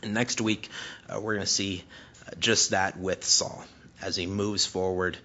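A man in his thirties preaching a sermon as a pastor, animated and emphatic, at times close to shouting, then dropping to a hushed, slow voice for prayer. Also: deep voice, dull audio.

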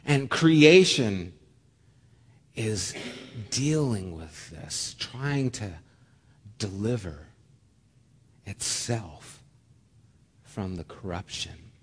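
Guy giving a sermon, funny story bits then goes real quiet and low, hall echo. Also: very slow, pauses often, slightly rough. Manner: animated storytelling with humor; drops to a soft low voice for solemn points. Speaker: pastor.

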